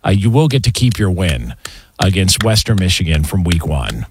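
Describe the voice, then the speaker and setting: A man's voice: deep voice, sing-song, moderate pace, noisy background. A man co-hosting a sports radio show, talking in loose casual banter with lots of fillers. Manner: joking, loose delivery with frequent fillers.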